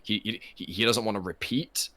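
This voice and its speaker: A man's voice: lowish voice, moderate pace, pushed and bright, no room sound. A man co-hosting a casual game podcast, thinking aloud and often repeating words before he finishes a thought. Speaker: podcast co-host.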